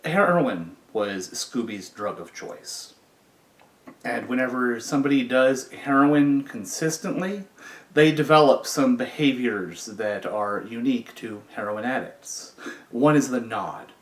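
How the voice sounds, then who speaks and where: Brief: middle-aged male storyteller, wry and easygoing, mid-pitched voice, echoey room. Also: unhurried. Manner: relaxed, wry, conversational. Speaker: storyteller, former prisoner. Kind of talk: casual spoken storytelling.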